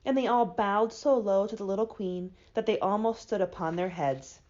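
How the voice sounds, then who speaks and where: A woman librarian reading a children's book aloud with expressive storybook delivery. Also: mid-range voice, moderate pace, lo-fi sound.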